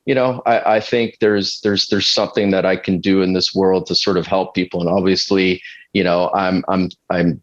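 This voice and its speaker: A man's voice: deep voice, level tone. A man who works as a fitness coach, chatting casually on a podcast, full of restarts and fillers and laughing now and then. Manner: halting, many restarts and fillers; laughs now and then while telling stories. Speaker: fitness coach and retreat leader. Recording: dull lo-fi sound.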